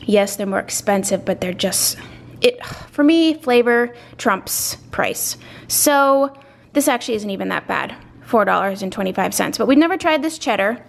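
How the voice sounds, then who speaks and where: A woman's voice: mid-range voice, animated, a little slow, gravelly. A woman, chatting casually and rambling through a grocery haul at home, a little out of breath, with many fillers and asides. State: slightly out of breath. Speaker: vlogger showing a grocery haul.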